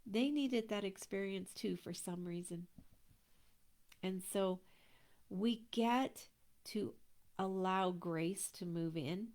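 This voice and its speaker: A middle-aged woman coaching, talking earnestly and reflectively, sometimes dropping into a soft whisper. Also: medium pitch, slow, pauses often. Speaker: abundance coach. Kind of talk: motivational talk to an online audience.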